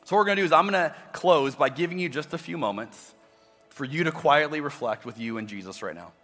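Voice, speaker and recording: Bright-voiced male pastor in a reverberant hall. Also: on the high side, fast. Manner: conversational preaching with frequent restarts. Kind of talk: sermon. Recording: long reverb with faint music.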